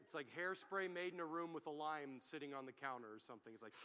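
A man's voice: a little high, steady tone, quick pace, few pauses. A man preaching a sermon to his church, mixing funny stories with rising, fervent calls to his congregation. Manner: humorous storytelling, building to loud preaching. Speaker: pastor.

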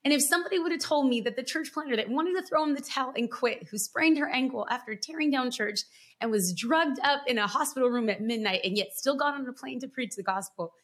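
A woman church planter, a podcast guest, telling an emotional personal story with earnest, animated delivery. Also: sits high. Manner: animated, earnest, pace swings from rapid to drawn out.

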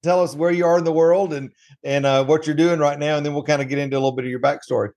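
A man's voice: fairly high pitch, steady tone, rapid-fire, darkish tone. Chatty Southern American man hosting. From Georgia, USA. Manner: friendly, chatty, laughs easily. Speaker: podcast host. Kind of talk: casual interview chat.

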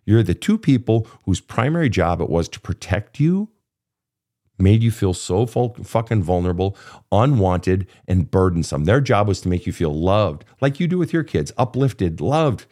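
Man in his fifties, low voice, dark tone, blunt, swearing, impassioned coaching. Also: very animated, normal speed. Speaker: therapist host. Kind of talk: emotional coaching session.

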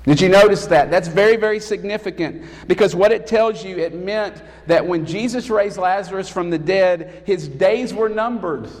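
A man preaching a sermon as pastor, emphatic and rising to loud calls. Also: sits high, moderate pace, few pauses. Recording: long hall reverb.

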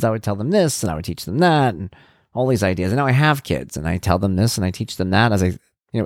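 Earnest, lower-voiced dad telling a story. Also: male voice, no room sound, studio quality. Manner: animated storyteller, acts out quoted dialogue with big pitch jumps; earnest, heartfelt, repeats himself for emphasis. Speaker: blogger and podcast host. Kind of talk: casual personal monologue.

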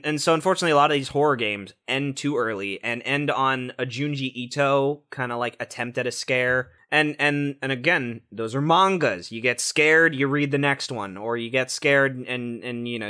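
A man's voice: mid-range voice, brisk, few pauses, sharp tone. A young man co-hosting a podcast, talking animatedly in casual chat, swearing often and restarting his sentences. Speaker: podcast co-host.

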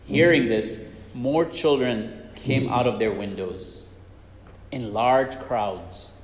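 A man's voice: mid-range voice, slow pace, darkish tone. A man preaching and retelling a religious story in an earnest way, often repeating himself as he goes. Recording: echoey hall with long reverb.

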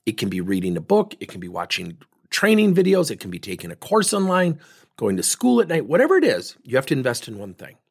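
Guy with a husky voice telling a story, pitch all over the place, acts out both sides. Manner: animated storytelling, acting out both sides of a conversation. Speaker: speaker on leadership and feedback. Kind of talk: storytelling talk.

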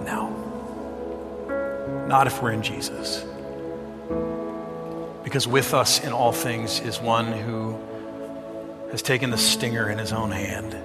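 A middle-aged male pastor preaching a sermon, swinging from loud, emphatic lines to hushed storytelling and stretching out the scripture lines slowly. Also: mid-range voice, little pitch movement. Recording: long hall reverb with music behind.

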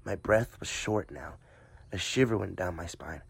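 A man narrating a first-person horror story, tense and hushed at times, urgent at others. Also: low-pitched, normal speed, gravelly, slightly rough, no echo. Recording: music bed under the narration.

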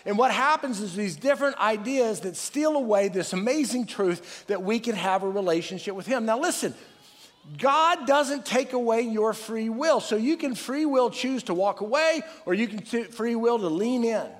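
A middle-aged man preaching a sermon as pastor, energetic, calling on the congregation to answer back and restarting phrases as he goes. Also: very high voice, normal speed. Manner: energetic, calls for crowd responses, restarts phrases. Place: large church hall. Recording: long reverb from a large church hall.

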